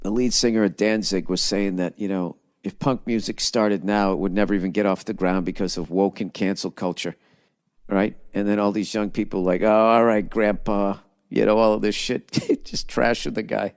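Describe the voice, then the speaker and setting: A man's voice: fairly low pitch, fairly even intonation, moderate pace. A man in his fifties ranting casually as a podcast host, profane and exasperated. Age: 50s. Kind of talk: casual comedic rant.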